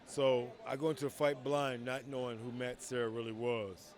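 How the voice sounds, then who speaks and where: A man telling stories in a casual interview, acting out quoted dialogue with lively voices and frequent swearing. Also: mid-range voice, moderate pace. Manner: animated, acts out quoted dialogue, swears freely. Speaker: retired fighter telling stories. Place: outdoors at a convention.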